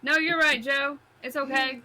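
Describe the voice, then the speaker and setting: A woman's voice: sits high, steady tone, moderate pace, pushed and bright. A woman co-hosting a casual podcast chat, wry and laughing along with the host.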